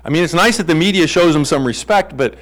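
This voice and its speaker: Middle-aged pastor guy preaching, jokey, does little voices for the bible folks, voice a bit on the high side. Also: animated, quick pace, poor audio. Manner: playful, acts out bible characters in comic voices. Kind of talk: conversational sermon.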